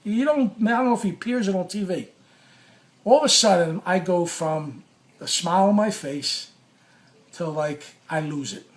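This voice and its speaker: A middle-aged man telling a personal story in an animated, blunt, profane way, full of restarts. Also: high voice, moderate pace. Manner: blunt, profane, restless, acts out quoted lines. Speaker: storyteller recounting a past clash.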